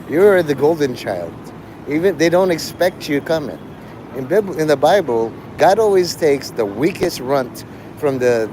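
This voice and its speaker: A man hosting a live stream, talking in a rambling, profane monologue that jumps between topics. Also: medium pitch. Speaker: livestream host. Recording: live stream with loud street noise.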